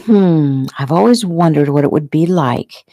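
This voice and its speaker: Lady reading as cheery young southern waitress, friendly, low voice, storybook. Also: expressive, unhurried, dark tone, dry recording, clean studio sound, heavily acted.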